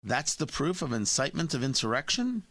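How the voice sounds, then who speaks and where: A man's voice: mid-range voice, very animated, brisk, fairly bright tone, no echo. A man hosting a talk radio show, giving opinionated, mocking commentary from a studio microphone.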